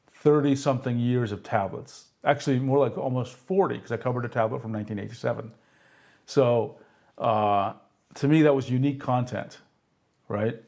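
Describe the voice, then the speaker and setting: This tech streamer's voice is medium-pitched and a little mellow as he explains pen display hardware one step at a time. He repeatedly asks his live audience "okay?" or "right?" to make sure they're following. Any demo that goes wrong gets a self-deprecating laugh.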